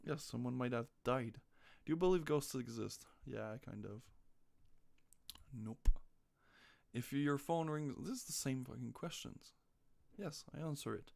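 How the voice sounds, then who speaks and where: A man's voice: medium pitch, unhurried, vocal fry, a little mellow. A man chatting casually on a live stream, joking crudely and reading quiz questions aloud. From North America.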